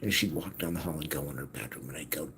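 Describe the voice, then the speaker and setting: Very deep-voiced man venting bitterly. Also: fast talker, a little hiss or hum. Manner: agitated, bitter, swings from hushed to near-shouting. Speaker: vlogger. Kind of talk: venting monologue.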